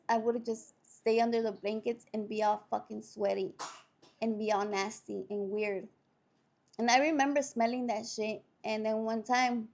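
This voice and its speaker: A woman tells raw personal stories, swearing freely and dropping in the odd Spanish word. Her voice sits a little high, and her delivery is blunt and lively. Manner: profane, blunt and animated, swearing constantly; drops into Spanish words mid-sentence. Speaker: podcast host. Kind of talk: candid personal storytelling.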